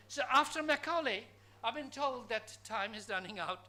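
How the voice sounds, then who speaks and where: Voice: mid-range voice, animated, moderate pace, sharp tone, slight background noise. A conference speaker from Bangladesh giving an academic lecture in a college hall, posing emphatic rhetorical questions to the audience.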